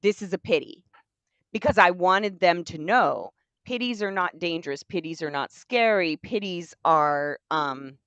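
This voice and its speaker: A woman's voice: lowish voice, lively intonation, a little slow, a bit bright, clear, resonant tone, dry recording, muffled recording. A woman hosting a live stream, telling a long casual story in a chatty, rambling way with many fillers.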